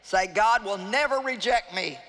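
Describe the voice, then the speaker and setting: A woman's voice: mid-range voice, measured pace, fairly bright tone, slight background noise. Earnest woman preaching in a reverberant hall. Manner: earnest, pleading, repeats phrases for emphasis. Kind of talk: evangelistic sermon. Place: large hall with live audience. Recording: long reverb of a large hall.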